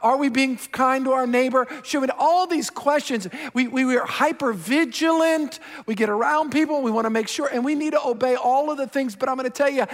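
Middle aged pastor guy, earnest preaching, repeats himself a lot, big reverby church. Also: very high-pitched. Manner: earnest, repetitive preaching with restarts. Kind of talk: sermon. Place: church auditorium. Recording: long hall reverb.

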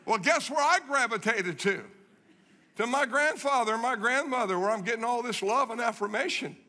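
A man's voice: very high-pitched, moderate pace, pushed and bright. A middle-aged man preaching a sermon, telling stories animatedly and repeating phrases for emphasis. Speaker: guest preacher. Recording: long reverb of a large hall.

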